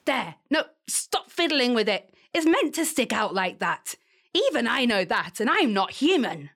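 A cheeky, bossy non-human helper, voiced by a woman in a fantasy audio drama. She sits fairly high and lively, speaking slowly and teasingly. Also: heavily acted.

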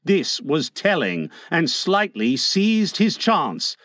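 A man narrating a classic children's story aloud with expressive, playful delivery. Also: a little high, slow pace, no echo, clean studio sound.

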